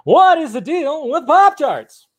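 A man doing a deliberately bad impression of a famous comedian, with a high, whiny, incredulous delivery. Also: big pitch swings, exaggerated voice. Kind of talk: mocking impression in podcast chat.

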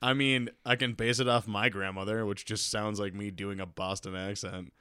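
A man's voice: fairly low pitch, fairly even intonation, moderate pace, bright, forceful tone, smooth, dry recording, clean studio sound. A man co-hosting a podcast in casual chat, wry and sarcastic. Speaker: podcast co-host.

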